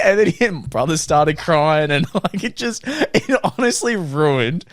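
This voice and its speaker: A man's voice: on the high side, unhurried, dry recording, studio quality. A young man, chatting as podcast co-host, telling stories with plenty of laughter. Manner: animated storytelling, laughs a lot. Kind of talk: casual chat.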